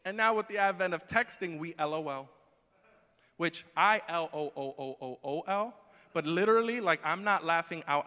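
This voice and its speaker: A man preaching a sermon in a conversational, humorous way, moving between quiet asides and emphatic lines. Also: on the high side, normal speed. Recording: long hall reverb.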